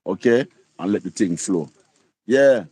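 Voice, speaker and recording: A man's voice: on the low side, expressive, unhurried, mellow, husky. A man in his sixties with a Jamaican accent, chatting casually on a livestream and often asking "you see?" and "you copy?". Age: 60s. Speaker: livestream host.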